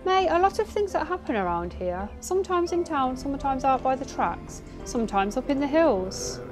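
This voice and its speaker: A woman voicing a stern middle-aged female police officer who delivers slow, earnest, ominous warnings. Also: high voice, expressive, music in the background, voice pushed up.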